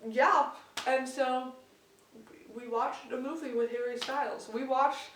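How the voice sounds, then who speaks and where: A young woman vlogger telling a story in a casual, excited way, full of "like" fillers. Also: high-pitched, slow, slight background noise. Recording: roomy sound from a distance.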